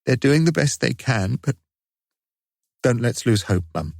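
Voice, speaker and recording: A man's voice: mid-range voice, expressive, a little slow, creaky, darkish tone, dry recording, pitched above the performer's own voice. Man doing a teenage son, pleading, voice raised a bit above his own, dry recording. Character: sulky teenage son turned remorseful.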